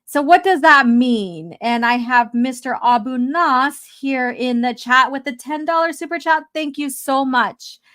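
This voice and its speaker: A woman's voice: high-pitched, a little slow, few pauses, a bit bright. A woman hosting a casual live stream, laughing often as she reads chat messages aloud. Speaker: host.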